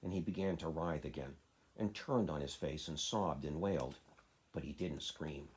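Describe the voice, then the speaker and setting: A man, a father, reading a children's classic aloud in a steady, plain way. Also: a bass voice, normal speed, husky. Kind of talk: storybook reading.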